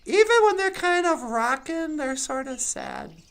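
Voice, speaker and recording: A performer voicing a chatty, excitable cartoon woman who rambles and giggles as she muses aloud, birds singing around her. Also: high voice, unhurried, heavily acted. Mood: musing. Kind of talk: puppet show monologue.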